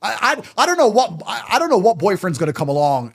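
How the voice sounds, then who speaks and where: Emphatic man with a lively, high-set voice. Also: fast talker. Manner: emphatic, blunt, declarative. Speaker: podcast guest. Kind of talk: podcast conversation.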